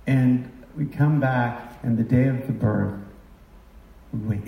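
A middle-aged male preacher delivers a confessional, emotional sermon that swells into impassioned outbursts. His voice is mellow and warm. It is picked up from a distance in an echoing room. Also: mid-range voice, slow pace, vocal fry. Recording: roomy sound from a distance.

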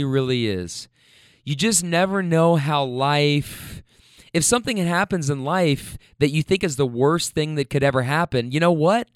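Male host, candid and emotional storyteller, smooth clear voice, slightly raised pitch. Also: no echo, studio quality. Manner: candid, emotional, swears freely. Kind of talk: casual storytelling monologue.

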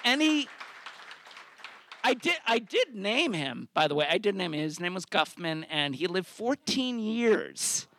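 A man's voice: high voice, big pitch swings, unhurried, fairly bright tone, some chatter behind. A man hosting a live story slam, telling a comic personal story and acting out the quotes in it with big swings of his voice. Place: theater stage.

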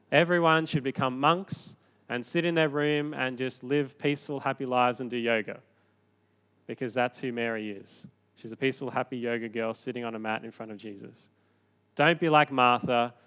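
A man delivers a sermon in an easy, conversational way. His voice sits at a middle pitch, and he moves from hushed, reflective moments to firm, emphatic points. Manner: conversational, animated, shifting from quiet to emphatic. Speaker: pastor.

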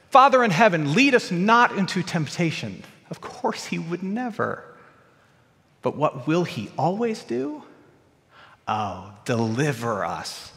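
A man preaching a sermon to his congregation, moving between loud emphatic lines and quiet low ones. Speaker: pastor. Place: church sanctuary. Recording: church hall with long reverb.

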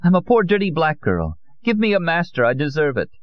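A man's voice: low-pitched, lively intonation, normal speed, muffled recording. A man voicing an ashamed, bitter young woman in an audiobook reading, speaking with anguish. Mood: distraught.

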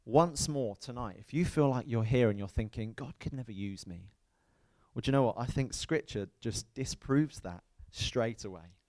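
A man preaching a sermon in a church, telling stories in a lively way and often checking with the congregation. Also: medium pitch. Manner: lively storytelling, asks the crowd "right?". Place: church hall.

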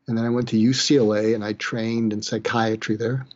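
Older man telling a halting personal story. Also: fairly low pitch, little pitch movement, lo-fi sound. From Boston, East Coast US. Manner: halting, pauses and restarts, sighs, quiet when moved. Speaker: psychiatrist telling his story. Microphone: webcam or video call.

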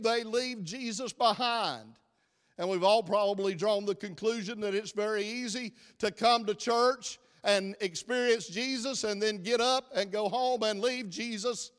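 A man's voice: high voice, fairly bright tone. A middle-aged man preaching a sermon in a church, folksy and chatty, joking with his congregation. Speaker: pastor. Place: church sanctuary. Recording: long reverb of a church hall.

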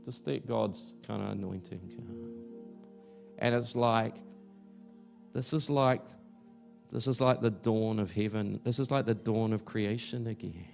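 A man's voice: lowish voice, creaky. A man preaching an Easter sermon in a church service, talking in a loose, conversational way with many fillers and restarts. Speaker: pastor.

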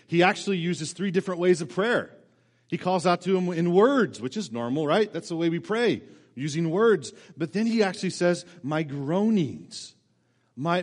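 A man preaching from the pulpit, his slightly high voice carried by the long echo of a church hall. He talks earnestly, dropping to quiet reflection and then rising into fervent emphasis. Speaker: pastor. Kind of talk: sermon.

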